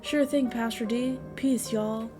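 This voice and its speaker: A woman's voice: fairly high pitch, fairly even intonation, a little slow, music in the background, close to an everyday voice. A woman voicing a laid-back young slacker guy who talks in slang with mock drama.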